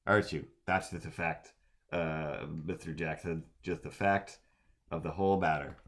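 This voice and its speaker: A man's voice: a bass voice, fairly even intonation, moderate pace, a bit bright. A man chatting casually on a drawing livestream, rambling and poking fun at himself with lots of fillers. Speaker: streamer and artist.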